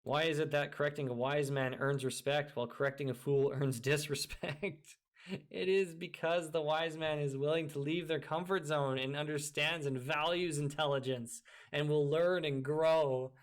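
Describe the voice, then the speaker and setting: A man's voice: a little high, fairly even intonation, moderate pace. A man delivering a profane, scornful ranting monologue, emphatic and breaking into frequent laughter. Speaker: video creator.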